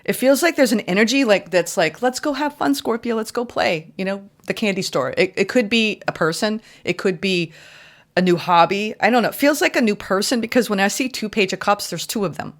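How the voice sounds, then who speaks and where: Lady doing a chatty tarot reading, lots of oh my god and little acted-out quotes. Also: fairly quick. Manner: chatty, exclaiming, acts out quotes in high voices. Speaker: tarot reader.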